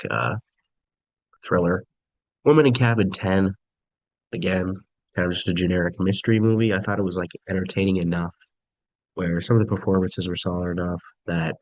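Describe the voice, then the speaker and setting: A man's voice: sits low, dry recording, rough recording. A young man casually ranking movies he saw, laid-back and chatty with frequent ums. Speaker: movie reviewer.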